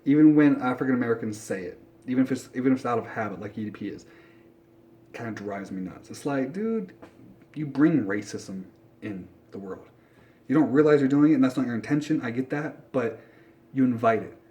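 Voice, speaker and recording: A young man venting about his team in a casual vlog, blunt and full of curses. His pitch sits at an everyday middle height, and he swings from low grumbles to loud, sharp outbursts. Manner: blunt, profane, animated ranting. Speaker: sports fan vlogger. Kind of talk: casual ranting commentary.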